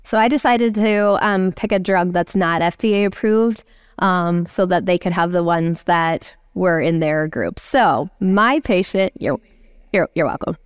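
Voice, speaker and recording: A woman oncology clinician on a medical panel, explaining treatment step by step in a measured way with frequent fillers. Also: on the low side, clean tone, dry recording, studio quality. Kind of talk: continuing-education panel discussion.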